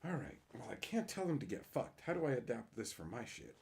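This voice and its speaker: Profane ranting man with lively pitch. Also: fairly quick, gravelly. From Canada. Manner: profane, ranting, mocking voices. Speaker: livestream host. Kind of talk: casual livestream chat.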